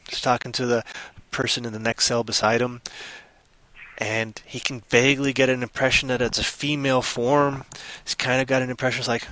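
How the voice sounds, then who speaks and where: A playful man hosts a live stream, spinning a made-up story and teasing his co-host. His voice is bright and forceful, recorded bone-dry and close to the mic. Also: medium pitch, flat delivery, a little fast, dry recording. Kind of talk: improvised storytelling and banter.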